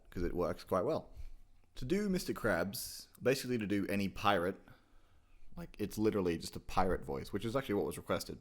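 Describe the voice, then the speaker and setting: A man hosting a casual video tutorial on doing impressions, rambling and joking, with casual swearing. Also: sits low. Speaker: YouTube host teaching impressions.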